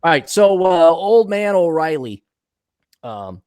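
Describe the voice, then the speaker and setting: Casting: lively, higher-voiced male co-host, rambling storyteller, dry close mic. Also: slow, clean tone, no room sound. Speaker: podcast co-host. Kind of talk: casual chat, joke-telling.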